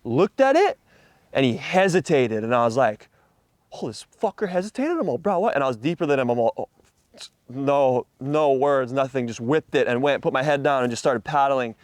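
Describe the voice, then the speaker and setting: A man's voice: mid-range voice, expressive, moderate pace, no room sound, clean studio sound. A young man from Hawaii, a surfer telling a story in a casual interview with laid-back slang and a lot of swearing.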